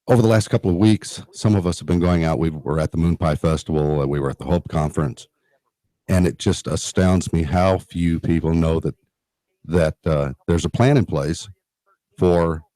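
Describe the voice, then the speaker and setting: A man's voice: low-pitched, normal speed, long pauses, mellow, no room sound. A man guesting in a radio studio, explaining emergency preparedness earnestly with frequent fillers and restarts. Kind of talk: radio talk interview.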